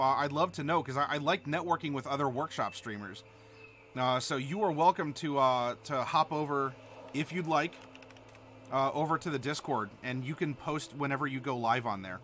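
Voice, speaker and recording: Man, stream host, bright higher voice, chatty with fillers, faint hiss behind. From Ohio, USA. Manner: chatty, reads chat aloud, many fillers. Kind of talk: casual live-stream chat.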